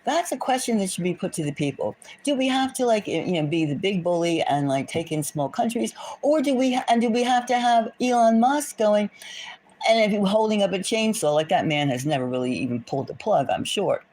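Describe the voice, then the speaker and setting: Her voice is medium in pitch and darkish, with a sing-song lilt, and she talks a little fast with hardly any pauses. On her tarot channel, this woman delivers rambling political commentary to camera, indignant and full of rhetorical questions, constantly interrupting herself with asides and restarts.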